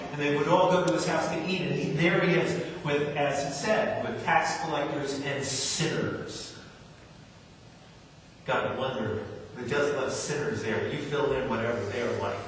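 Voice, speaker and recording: A man's voice: a little high, a little hiss or hum. A man preaching a sermon, telling a story and repeating key phrases for emphasis. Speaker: pastor. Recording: echoey hall, mic from far off.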